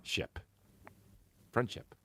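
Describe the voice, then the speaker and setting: A man's voice: extremely slow, fairly bright tone, no echo, clean studio sound. A man in his thirties, a comedian guest on a podcast, chatting in a laid-back way, swearing casually and trailing off. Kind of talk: casual chat.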